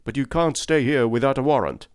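A man's voice: medium pitch, lively intonation, a little fast, clean tone, no room sound, clean studio sound, close to an everyday voice. A man doing a stately police sergeant. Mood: polite.

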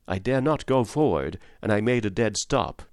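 A man reading a classic story aloud in a gentle, measured storytelling manner. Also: lowish voice, animated, dry recording, clean studio sound. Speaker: audiobook reader. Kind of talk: storybook narration.

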